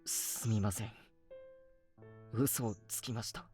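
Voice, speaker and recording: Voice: mid-range voice, steady tone, moderate pace, a little mellow, soft background music, lightly acted. A voice actor playing a troubled young man in a game, speaking in a shaky, hesitant, defensive way. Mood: subdued.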